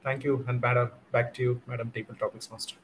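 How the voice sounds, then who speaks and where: A man's voice: medium pitch, level tone, fast, a bit bright, rough recording. A man gives a jovial impromptu speech at a club meeting. His mid-range voice swings up and down for emphasis. The sound comes over a video call.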